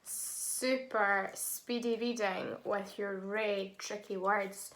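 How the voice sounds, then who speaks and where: Slow, bright-voiced woman teaching phonics. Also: medium pitch, steady tone, a little hiss or hum. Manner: sounds words out syllable by syllable, encouraging praise. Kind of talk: slow, clear phonics lesson for young children.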